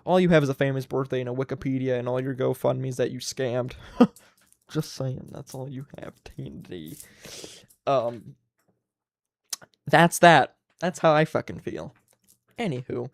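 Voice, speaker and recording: A man's voice: mid-range voice, a little slow, creaky, long pauses, no room sound, studio quality. A man in his twenties hosting a solo livestream, ranting casually and with plenty of profanity. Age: 20s. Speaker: livestream host.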